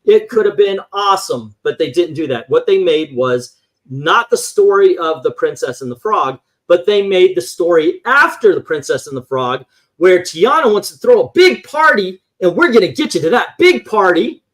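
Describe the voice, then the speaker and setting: A man's voice: sits high, animated, moderate pace, a bit bright. A man talking in a casual livestream chat, ranting animatedly and acting out voices as he tells a story. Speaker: livestream co-host.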